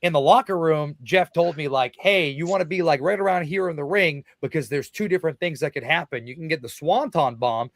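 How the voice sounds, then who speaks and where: A young man, a guest wrestler, telling stories in a podcast interview, excited and full of swearing, shouting out the quotes he acts out. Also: fairly high pitch, a little fast, hardly any pauses, no echo. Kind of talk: casual storytelling in a podcast interview.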